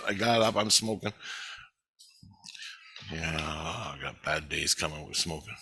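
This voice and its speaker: A middle-aged man vlogging, telling a story in a rambling, excitable way with frequent swearing. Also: fairly low pitch, moderate pace, long pauses, no echo. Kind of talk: casual storytelling.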